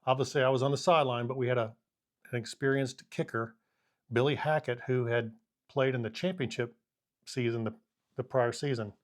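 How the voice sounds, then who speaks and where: A man's voice: mid-range voice, fairly quick. A man in his fifties, a former college punter who now coaches kickers, casually telling anecdotes and acting out the scenes. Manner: animated storyteller who acts out the scene with quoted lines.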